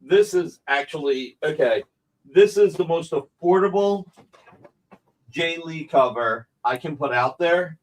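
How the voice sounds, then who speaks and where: A man talking through prices and payment options on a casual live stream, circling back over the same terms as he goes. His voice sits a little high for a man. He sounds like a seller walking buyers through a deal. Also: animated, measured pace, low-quality recording. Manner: businesslike, rambling explanations of payment terms. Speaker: comics publisher selling original art.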